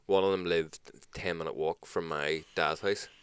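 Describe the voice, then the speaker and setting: Lower-voiced Northern Irish man, blunt and sweary. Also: steady tone, moderate pace, fairly bright tone, smooth, dry recording. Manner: blunt, swears constantly, incredulous rants. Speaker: podcast co-host. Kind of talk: casual chat, storytelling.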